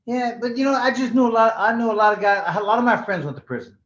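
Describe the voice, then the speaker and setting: A man's voice: very high-pitched, quick pace. A man from California, a former pro boxer, telling stories in a casual interview. He swears freely and often restarts his sentences. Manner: animated storyteller, swears freely, many restarts. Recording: roomy, slightly dull sound.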